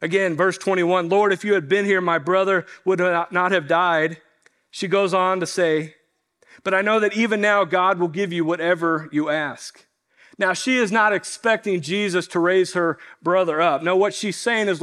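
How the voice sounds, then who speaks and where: Male pastor, fairly high voice, earnest sermon delivery that slows to land each point. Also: fairly even intonation, a bit bright. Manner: earnest, slows down to stress key lines.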